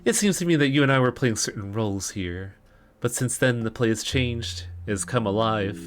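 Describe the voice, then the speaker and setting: A man reading the lines of a gentle, enigmatic young woman with a soft, coaxing delivery. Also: medium pitch, animated, moderate pace, lightly acted. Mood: musing.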